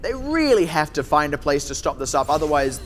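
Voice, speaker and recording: A man casting a live esports match, playful and teasing, quick to argue a point. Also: on the high side, sing-song, a bit bright. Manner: playful, teasing, argumentative banter. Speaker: esports caster.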